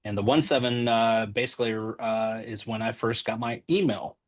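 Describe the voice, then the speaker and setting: In a casual interview, a forties-aged stadium public address announcer talks as a guest in a joking, relaxed manner, saying um a lot. He speaks at a medium pitch and normal speed.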